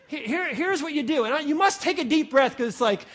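A man preaching a sermon in a lively, conversational way, acting out little voices and asking rhetorical questions. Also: extremely high pitch, fairly quick. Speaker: pastor.

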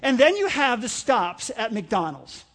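A man's voice: very high-pitched, sing-song, a little slow, fairly bright tone. A middle-aged man, a pastor, telling a humorous sermon story with laughter and mimicked voices.

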